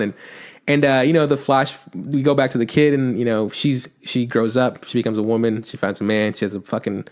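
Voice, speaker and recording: A man's voice: mid-range voice, a little fast. A man co-hosting a podcast, retelling an episode in casual chat, swearing a lot and acting out quotes. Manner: profane, animated retelling with acted-out quotes. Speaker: podcast co-host.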